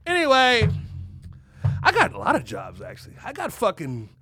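A man co-hosting a comedic podcast, rambling and swearing, now and then bursting into shouts. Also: extremely high pitch, wildly swooping pitch, normal speed, slight background noise. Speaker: podcast co-host. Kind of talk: casual comedic podcast rant.

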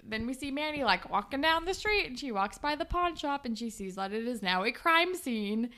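A young woman with a slightly raised pitch talks through a TV episode in easy, casual chat. She tells the story quickly and throws in exaggerated character voices, with frequent laughter. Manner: animated retelling, acts out lines in high voices, laughs often. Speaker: podcast co-host.

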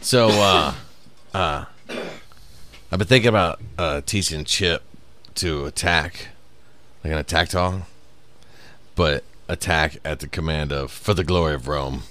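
A man's voice: deep voice, slow, long pauses. A man co-hosting a podcast in casual comedic chat, telling stories with lots of swearing and acted-out quotes. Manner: animated storyteller, swears a lot, acts out quotes. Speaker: podcast co-host.

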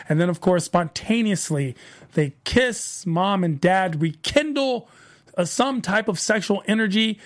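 Brief: male host of a review show, high voice with a gravelly edge, casual and rambling as he recaps episodes and circles back over the same phrases. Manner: rambling, repeats phrases, animated retelling.

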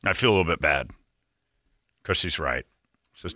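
A man's voice: extremely low pitch, expressive, normal speed, long pauses, sharp tone, dry recording, clean studio sound. A man hosting a morning radio show, joking sarcastically with his co-host and reading sponsor plugs. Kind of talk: casual morning radio banter. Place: radio studio.

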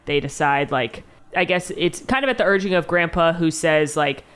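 Animated woman recapping a movie. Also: deep voice, moderate pace, smooth. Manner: animated, swears freely, acts out quotes. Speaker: podcast co-host. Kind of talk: casual movie recap chat.

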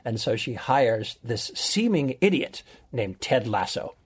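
A man's voice: medium pitch, very animated, unhurried, slightly rough. A man hosting a chatty show, talking enthusiastically and laughing easily. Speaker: show host, reviewer. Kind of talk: casual chat.

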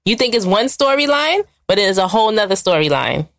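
A woman co-hosting a casual podcast, easygoing but quick to push back. Her pitch moves a lot, rising and falling through each line. Her voice is recorded dry and close, with no room sound. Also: very animated, no room sound. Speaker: podcast co-host. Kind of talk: casual chat.

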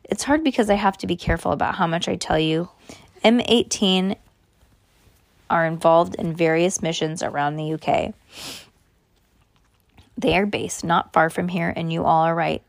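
A woman's voice: on the low side, normal speed, gravelly, pauses often, no echo, clean studio sound. A woman reading a storybook aloud, voicing an earnest boy carefully explaining a secret organisation.

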